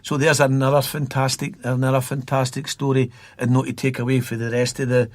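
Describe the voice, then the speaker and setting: Scottish guy telling old stories, keeps repeating himself, flat delivery, dry sound. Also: mid-range voice, a little fast, no room sound. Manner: rambling, repeats words while recalling. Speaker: guest from a youth football academy. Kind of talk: storytelling in a podcast interview.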